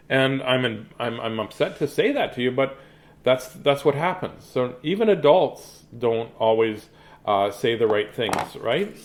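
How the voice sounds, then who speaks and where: Casting: man, children's storyteller, chatty at-home reading, repeats himself, medium pitch. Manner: chatty, warm toward children, repeats words often. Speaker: children's entertainer reading aloud. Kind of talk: casual chat and storybook reading to kids.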